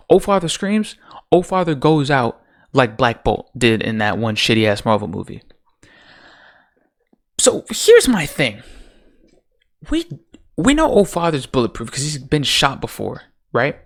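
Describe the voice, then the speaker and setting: A man ranting casually about a TV show's finale, profane and exasperated, full of rhetorical questions. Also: a little high. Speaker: TV show commentator.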